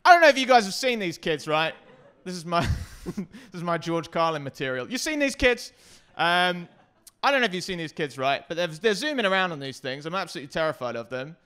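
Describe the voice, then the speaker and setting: Bright-voiced self-deprecating male comedian. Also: high voice, very animated, fairly quick, clear, resonant tone. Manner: self-deprecating, hesitant with many ums, then shouting bits. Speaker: stand-up comedian. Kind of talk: stand-up comedy set.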